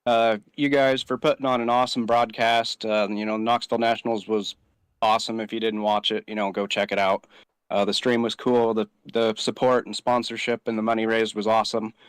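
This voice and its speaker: A male race driver answers post-race questions in a casual, rambling way. His voice is smooth and clear at an average pitch, recorded dry. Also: little pitch movement, a little fast, no room sound. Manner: casual, rambling, filler-heavy.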